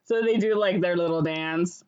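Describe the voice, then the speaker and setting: A young woman co-hosting a podcast, casually recapping a movie with lots of fillers and quick acted-out lines. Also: fairly low pitch, darkish tone, dull audio, slight background noise. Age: young adult. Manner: rambling, acts out characters' lines in quick voices. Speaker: podcast co-host.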